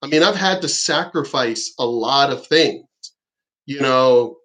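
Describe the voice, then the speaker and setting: A man's voice: medium pitch, lively intonation, measured pace, a bit bright. A middle-aged man and military veteran talking casually to camera in a rambling, profane way, acting out what other people told him.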